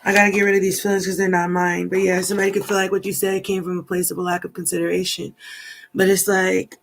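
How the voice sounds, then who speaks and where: A woman's voice: mid-range voice, flat delivery, fast, creaky. A woman giving a rambling, chatty tarot card reading, thinking aloud as she goes. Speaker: tarot reader.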